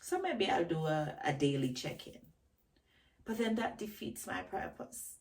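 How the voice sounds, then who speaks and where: A woman's voice: fairly low pitch, big pitch swings, measured pace, creaky, darkish tone, far from the mic, poor audio. A woman vlogger giving a reflective talk on self-knowledge, emphatic, asking rhetorical questions and repeating key phrases. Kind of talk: reflective solo talk to camera.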